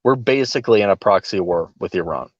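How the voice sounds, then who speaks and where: A man's voice: deep voice, lively intonation, husky, no echo. Sarcastic podcast guy, muffled dry sound. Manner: sarcastic, mocking, quick to laugh. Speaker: podcast co-host. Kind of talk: casual political commentary.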